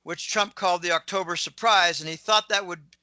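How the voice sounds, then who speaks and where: A middle-aged man from Pittsburgh with a plain American accent speaks in a fairly high, very bright, cutting voice. The sound is dry and close, with no room around it. He rambles as an opinionated guest, drifting into asides and clearing his throat often. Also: fairly even intonation, fairly quick, dry recording, low-quality recording. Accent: General American, lost his Pittsburgh accent. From Pittsburgh, USA. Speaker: guest commentator. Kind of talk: casual interview monologue.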